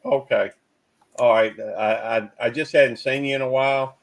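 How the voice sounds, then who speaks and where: A man hosting a casual live stream, talking in halting, repeated starts as he greets callers and tells a dad joke. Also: mid-range voice, fairly even intonation, creaky, rough recording. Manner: halting, repeats words, cautious. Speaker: stream host.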